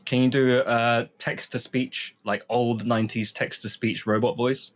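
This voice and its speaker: A man's voice: medium pitch, flat delivery, a little slow. A man co-hosting a comedy podcast in casual chat, laughing often and hedging with fillers. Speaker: podcast co-host.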